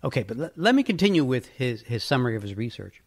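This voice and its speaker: A man's voice: mid-range voice, big pitch swings, quick pace. Male podcast host, casual explainer, chatty and thinking aloud.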